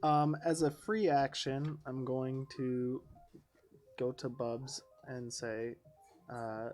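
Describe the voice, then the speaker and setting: A man's voice: mid-range voice, fairly even intonation, slow pace, a little mellow, faint music behind. A man playing in a tabletop game, speaking hesitantly with many fillers. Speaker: player. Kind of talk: casual tabletop play.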